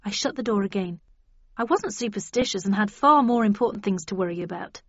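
A woman reading a first-person story aloud as an audiobook narrator, expressive, in a dull, dry recording. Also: mid-range voice, a little fast, slightly rough, dry recording.

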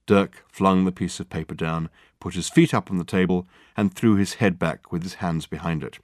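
Low-voiced male audiobook narrator. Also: fairly even intonation, normal speed, no room sound, studio quality. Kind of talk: scripted narration.

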